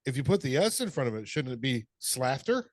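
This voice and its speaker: A man's voice: mid-range voice, big pitch swings, fairly quick, no echo. A middle-aged man co-hosting a podcast, chatting casually, telling funny stories, laughing and swearing freely. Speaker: podcast co-host. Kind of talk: casual chat.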